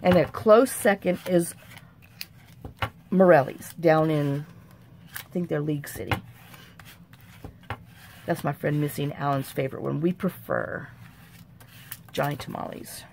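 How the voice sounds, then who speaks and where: A woman's voice: sits low, measured pace, creaky, pauses often, background noise. A middle-aged woman, hosting a chatty crafting tutorial at her craft table and rambling off on folksy, self-mocking tangents.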